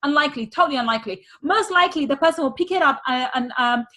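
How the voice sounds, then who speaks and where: A woman's voice: high-pitched, lively intonation, quick pace, sharp tone. A woman money mindset coach teaching a workshop, repeating key phrases with energy.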